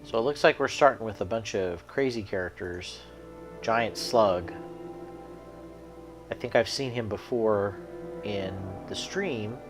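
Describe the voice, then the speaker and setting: A man's voice: on the low side, a little slow, long pauses, soft background music. A man streaming a video card game, thinking aloud and explaining the rules as he plays. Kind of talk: casual streaming commentary.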